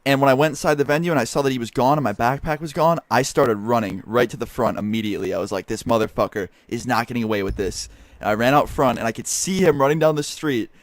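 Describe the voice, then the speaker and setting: A man's voice: mid-range voice, fast talker, hardly any pauses, no echo. A young man, a YouTuber, telling a story casually and animatedly, with lots of swearing. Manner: animated, profane, heavy swearing. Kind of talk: casual storytelling over gameplay. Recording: game sounds and gunfire behind voice. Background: gunfire and clicks from a game.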